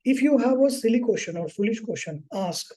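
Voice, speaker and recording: A man with an Indian English accent teaches a psychology course in a loose, conversational way. His voice sits high, with a dark and mellow tone. He keeps checking in with his students. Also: expressive, brisk, rough recording. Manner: informal, repeats "okay" and "right", acts out clients. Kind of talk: live online class teaching.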